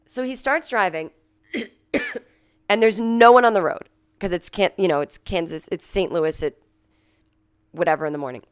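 Woman podcast host, sick at home, smooth mid-pitched voice, lively storyteller who acts out quotes. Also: normal speed, long pauses. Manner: animated, acts out quoted people in a raised voice. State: sick, coughing and clearing her throat. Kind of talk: casual storytelling monologue.

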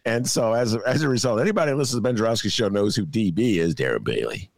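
A man's voice: fairly low pitch, animated, quick pace, creaky, no room sound, clean studio sound. A middle-aged man hosting a podcast, joking and self-deprecating in casual chat. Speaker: podcast host.

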